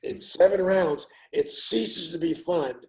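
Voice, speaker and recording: Older guy, ex-fighter, chatty storyteller, kinda high voice, acts out the quotes. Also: takes it slowly, a little mellow, rough recording. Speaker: guest, former fighter. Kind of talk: casual storytelling interview.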